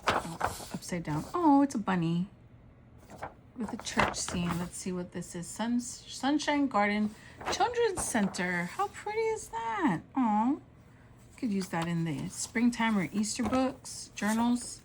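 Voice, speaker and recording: A woman's voice: medium pitch, expressive, a little slow, noisy background. A woman vlogger narrating a casual show-and-tell of craft supplies, gushing and exclaiming over each item.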